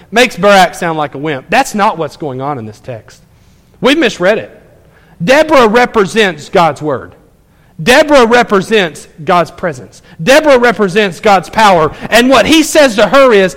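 A man preaching a sermon as pastor, animated, acting out people's replies in quick asides. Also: high-pitched, in a large hall.

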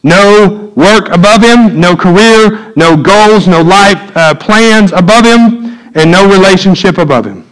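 A man, preaching a sermon in a church, swinging from loud emphatic peaks to low quiet asides. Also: unhurried, poor audio. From United States. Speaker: pastor. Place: church sanctuary.

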